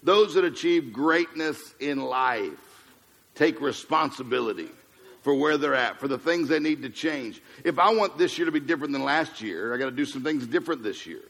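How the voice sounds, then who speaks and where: A man's voice: mid-range voice, expressive, moderate pace, vocal fry, fairly bright tone. A man preaching a humorous motivational sermon, a joking storyteller who hammers home punchy repeated phrases. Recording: long hall reverb.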